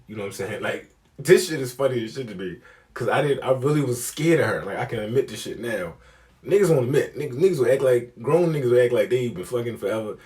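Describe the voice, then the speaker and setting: A young man telling a comic story, profane and animated, acting out the people he quotes. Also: mid-range voice. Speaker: comedian. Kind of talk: storytelling comedy.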